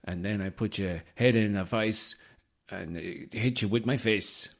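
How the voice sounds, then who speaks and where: A man's voice: on the low side, unhurried. A man voicing a boastful Italian-American gangster rapper who rhymes and blusters in a put-on Italian-American accent. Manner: boastful, rhyming, blustering tough-guy bravado.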